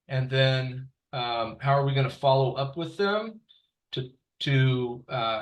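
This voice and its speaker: A man leading an online real estate training session over a video call, halting and full of fillers and restarts. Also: medium pitch, pushed and bright, rough recording.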